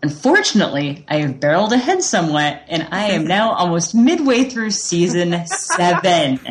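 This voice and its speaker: A podcast co-host reads a listener email aloud, giggling frequently. Her fairly low voice has big pitch swings at a normal speed, with crowd noise behind her.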